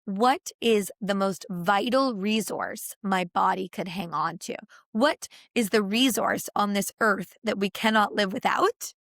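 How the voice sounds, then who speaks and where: Animated woman explaining on a podcast. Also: mid-range voice, a little slow, vocal fry, dry recording, clean studio sound. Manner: animated and expressive, with gasps and laughs. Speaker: podcast guest. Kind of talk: explanatory conversation.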